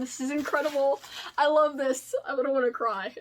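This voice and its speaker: Woman in her thirties, home vlog, bubbly and gushing, rambling chat, fairly high voice. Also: fairly even intonation, moderate pace. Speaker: booktuber. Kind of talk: casual vlog unboxing.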